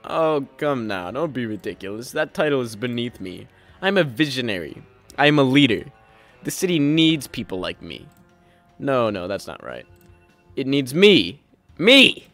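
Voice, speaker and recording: A man's voice: medium pitch, very animated, normal speed, soft background music. A man voicing a pompous, scheming male city mayor who is a villain, speaking in a grandiose, theatrical way. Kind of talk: comedic audio drama.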